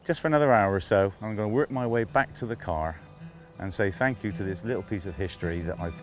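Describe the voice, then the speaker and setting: A man's voice: fairly low pitch, quick pace, soft background music. A man presenting a fishing show outdoors on a riverbank, talking with admiring enthusiasm, half to himself. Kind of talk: casual outdoor presenting to camera.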